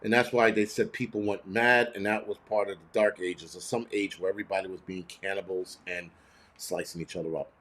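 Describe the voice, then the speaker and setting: A man's voice: deep voice, fairly even intonation, a little fast, fairly bright tone. Blunt ranting man. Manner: heated, blunt and profane, with rhetorical questions. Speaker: host. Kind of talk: casual ranting commentary.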